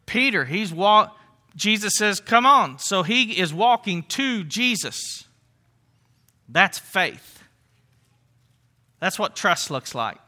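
A man's voice: high-pitched, sharp tone. A middle-aged man preaching a sermon in an earnest, conversational way, with asides and restarts as he works through the story.

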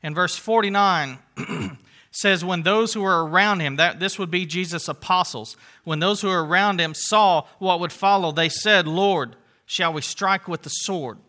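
A man preaching a sermon in a conversational way, retelling the story with lively asides to the congregation. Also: high voice, normal speed.

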